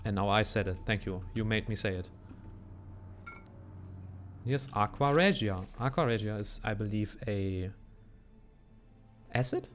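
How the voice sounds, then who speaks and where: A man's voice: on the low side, a little slow, long pauses, faint music behind. Man muttering through a horror game. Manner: muttering reactions and self-corrections. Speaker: gaming channel host. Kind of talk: let's play commentary.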